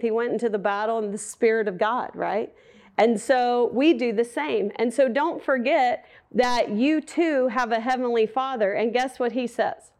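A middle-aged woman giving a sermon, telling a family story in a relaxed, conversational way with fillers and asides. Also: on the high side. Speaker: preacher.

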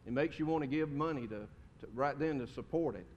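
A man's voice: brisk, a little mellow, lo-fi sound. A man preaching a sermon in a folksy, conversational way, asking his congregation questions. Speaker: pastor. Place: church sanctuary. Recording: reverberant hall with faint rumble.

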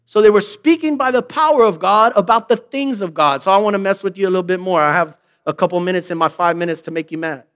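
A man's voice: sits high, fast talker, few pauses, fairly bright tone, clear, resonant tone. A man preaching a sermon in a conversational way, asking rhetorical questions and acting out quoted remarks in mock voices. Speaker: pastor.

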